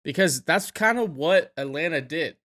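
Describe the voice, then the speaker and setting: A man's voice: on the high side, lively intonation, normal speed, bright, forceful tone. A man co-hosting a casual sports podcast, talking animatedly and swearing freely, trailing off and restarting his sentences. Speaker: podcast co-host.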